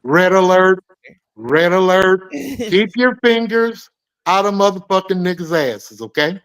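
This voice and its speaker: A male co-host on a morning show, loud and profane, teasing his co-hosts in crude comedic banter. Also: high-pitched, expressive, a little slow, clean tone, rough recording.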